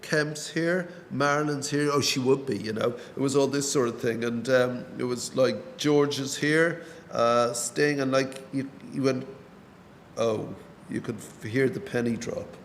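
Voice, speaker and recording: A man's voice: medium pitch, steady tone, a little slow, in a large hall, a little hiss or hum. An Irish man in a documentary interview, animatedly re-enacting past conversations. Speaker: interviewee, song organiser.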